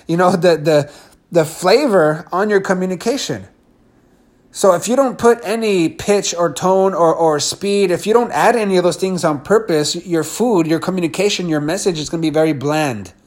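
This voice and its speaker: A man teaching leadership communication in an energetic, emphatic way, acting out shifts in tone as he explains. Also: on the high side. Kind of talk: teaching talk to camera.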